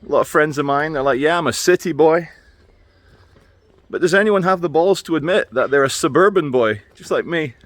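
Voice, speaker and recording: A man's voice: on the high side, a little hiss or hum. A man rambling through a wry, meandering vlog monologue, musing aloud with asides while out on a walk and filming himself. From Britain. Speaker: video blogger. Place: outdoors on a walk.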